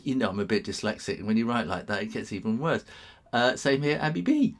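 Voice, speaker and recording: A man's voice: on the low side, animated, quick pace. A middle-aged man, hosting a casual live drawing stream and chatting with viewers in a rambling, chuckling way. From England.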